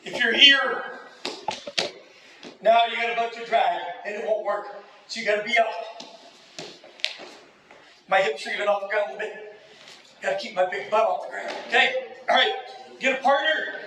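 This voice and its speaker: A man's voice: sits high, normal speed, pauses often, bright, forceful tone, slight background noise. A man teaching a self-defense seminar, giving direct, short commands. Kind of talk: teaching a martial arts seminar. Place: large echoey training hall. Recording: echoey hall from far off.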